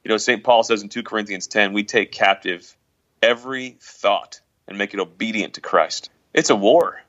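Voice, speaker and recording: A man's voice: fairly low pitch, normal speed, fairly bright tone, lo-fi sound. A man co-hosting a casual faith discussion, talking in an emphatic, preachy, exclamatory way. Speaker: podcast co-host.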